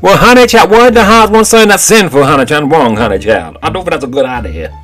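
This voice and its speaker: Sassy lady judge played by a guy, bouncy lively voice, faint music behind. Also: on the high side, quick pace. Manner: sassy, calls everyone honey child. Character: sassy female TV court judge. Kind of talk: comedic audio drama.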